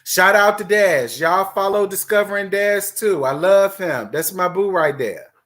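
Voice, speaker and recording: Hosting a livestream chat and reading viewer comments, this Virginia man talks in an unhurried way. He's animated, chatty, and high-pitched, leaning on emphatic repetition.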